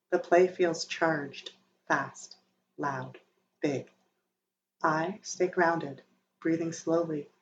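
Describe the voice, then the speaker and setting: Gentle, soothing woman podcast host. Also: lowish voice. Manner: gentle, soothing, slow-paced delivery. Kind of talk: calm scripted narration. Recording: slightly dull sound with faint noise.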